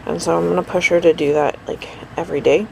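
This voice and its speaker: A middle-aged woman talks through her day in a loose, rambling vlog, sounding tired. Her voice has a gravelly rasp, with a faint hum of noise behind her. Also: lowish voice, steady tone, fast, low-quality recording. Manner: rambling, chatty, lots of fillers. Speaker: vlogger. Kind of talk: casual daily vlog chat.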